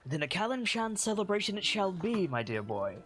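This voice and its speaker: A man's voice: high-pitched, very animated, a little fast, pitched above the performer's own voice. A man voicing a kindly, fatherly male forge master who speaks in a courtly, doting way.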